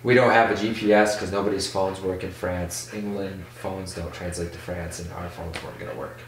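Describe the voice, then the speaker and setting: A man who is a podcast guest telling a casual story in an animated way, full of "like". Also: low-pitched, fairly quick, distant mic. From Michigan. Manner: animated, full of "like", acts out voices in quotes. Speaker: podcast guest, BMX rider. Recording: echoey room, off-mic.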